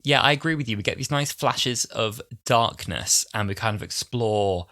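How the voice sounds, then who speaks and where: A young man co-hosting a casual podcast, with a bright voice that rises and falls widely as he talks. He slips in and out of silly quoted voices. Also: medium pitch, expressive, normal speed. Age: 20s. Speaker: podcast co-host.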